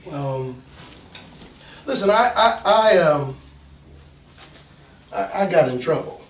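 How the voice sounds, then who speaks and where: Man, comic storyteller, halting and animated, roomy live venue, distant mic. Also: fairly high pitch, a crowd in the background. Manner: halting, animated, slips into character voices. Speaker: pastor and storyteller. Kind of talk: comedic storytelling at a live poetry event.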